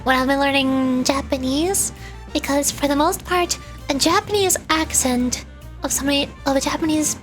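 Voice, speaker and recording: A young woman VTuber chatting casually and rambling between lines while voice acting a game, laughing often. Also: high voice. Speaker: VTuber streamer.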